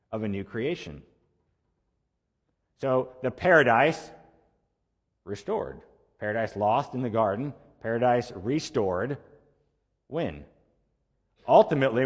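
A man preaching a sermon as a pastor, building to emphatic peaks and then dropping to quiet, slow phrase endings. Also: medium pitch. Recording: long reverb of a large hall.

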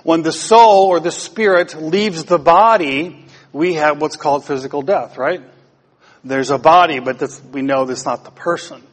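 Playful pastor in echoing hall. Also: male voice, on the high side, moderate pace. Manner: playful, quizzes the congregation. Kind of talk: interactive sermon. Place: church.

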